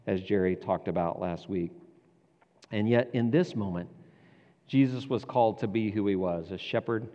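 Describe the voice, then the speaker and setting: A man giving a reflective, conversational sermon as a pastor. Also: fairly low pitch. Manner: reflective, conversational, with self-corrections. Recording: dull sound with long hall reverb.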